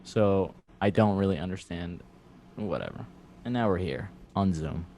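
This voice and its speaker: A man's voice: deep voice, expressive, moderate pace, mellow, slight background noise. A man hosting a podcast over a video call, telling a rambling, self-deprecating story from his bedroom with a table mic. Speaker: podcast host. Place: cluttered bedroom at home. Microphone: clamp mic on a table.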